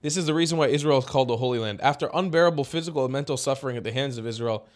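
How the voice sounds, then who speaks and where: A man delivering opinionated political commentary at a middle pitch, his voice plain and unadorned. He curses freely and bursts into loud, exasperated rants between dry, low-key asides. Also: rapid-fire, no echo. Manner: profane, swings from flat asides to loud exasperated outbursts.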